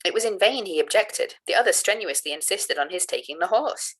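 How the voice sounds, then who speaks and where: A woman reading an old gothic novel aloud, careful and steady, with small slips she corrects as she goes. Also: mid-range voice, fairly quick, husky. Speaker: reader of a novel.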